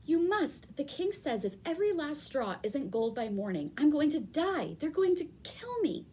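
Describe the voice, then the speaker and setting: A woman's voice: fairly high pitch, huge pitch swings, moderate pace, warm tone, a little hiss or hum, voice pushed up. Woman doing a weepy, whiny young damsel. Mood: pleading. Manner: wailing and pleading.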